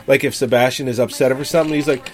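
A man's voice: mid-range voice, fairly even intonation, very fast, a little mellow. A man in his thirties chatting casually as co-host, blunt and profane, often laughing. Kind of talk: casual chat.

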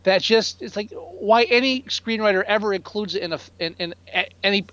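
A man in his thirties co-hosting a casual movie review podcast. He talks in an animated, profane way and acts out characters from films. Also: high-pitched, a little fast, clean tone, dry recording. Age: 30s. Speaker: podcast co-host. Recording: dry, slightly dull sound.

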